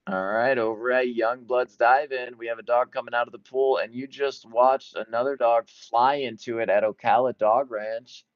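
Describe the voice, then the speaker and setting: Male commentator, excited live play-by-play, mid-pitched, dry and dull lo-fi sound. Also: moderate pace, few pauses, no echo. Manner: excited, jumping between events. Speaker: sports commentator.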